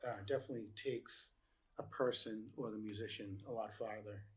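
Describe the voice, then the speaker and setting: A man hosting a talk show, telling a story from a past guest in a wry, relaxed way. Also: on the low side, brisk, crowd noise. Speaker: host. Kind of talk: casual interview chat.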